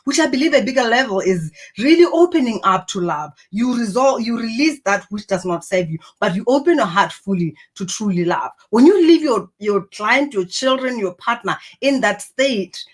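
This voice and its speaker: A woman giving an earnest, encouraging motivational talk to camera, reflecting on personality and purpose. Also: medium pitch. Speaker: personal growth speaker.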